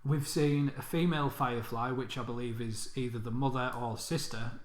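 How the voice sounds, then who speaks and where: A man talking casually with a friend, peppering his speech with swearing and quick restarts. His voice sits at an ordinary pitch. The room adds a clear echo around him. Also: fairly even intonation. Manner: swears, restarts, laughs often. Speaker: co-host. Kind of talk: casual chat. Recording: echoey room.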